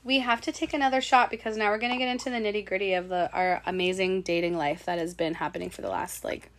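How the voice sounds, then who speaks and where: A woman's voice: mid-range voice, fairly even intonation, quick pace. A young woman, hosting a podcast and telling stories in casual chat, acting out the quotes. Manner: chatty storyteller, acts out quotes, laughs often. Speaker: podcast host.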